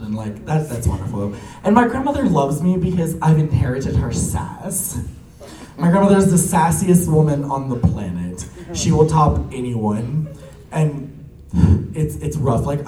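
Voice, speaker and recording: Animated young man telling funny stories. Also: mid-range voice, a little hiss or hum. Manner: animated, laughing, many fillers. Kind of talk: casual storytelling. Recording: echoey room, a bit far from the mic.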